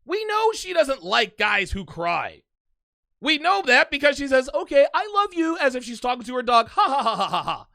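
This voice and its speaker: Mocking high-pitched man, gravelly. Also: sing-song, moderate pace, hardly any pauses, bright, forceful tone, no room sound, studio quality. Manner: mocking, emphatic. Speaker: commentary host. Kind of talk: reaction commentary.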